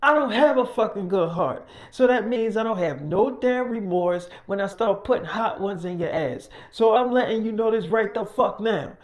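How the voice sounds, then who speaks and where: A man doing a loud, menacing gang boss. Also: sits high, animated, normal speed, hardly any pauses, voice pushed up. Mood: threatening. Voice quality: loud, threatening, profane. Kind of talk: freestyle role-play storytelling.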